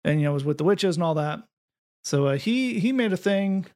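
A man's voice: sits high, brisk. A man hosting a casual podcast chat, talking in a sardonic, mocking way. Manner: sardonic, mocking delivery with animated read-out quotes. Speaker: podcast host.

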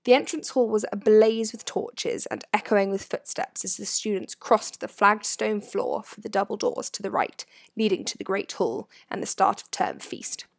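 A woman narrating a storybook in an expressive, varied reading, recorded close to the mic. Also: medium pitch, normal speed, gravelly, no echo. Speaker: audiobook narrator.

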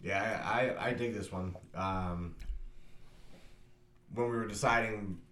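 A man co-hosts a casual movie podcast in a relaxed, halting way. His lowish voice carries a noticeable room echo. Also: slight background noise. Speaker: podcast co-host. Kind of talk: casual chat.

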